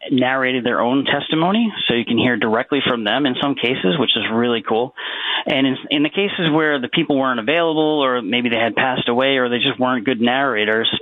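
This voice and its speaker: A man's voice: medium pitch, no echo. A man being interviewed as a guest author, talking casually with many fillers and restarts. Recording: tinny phone line.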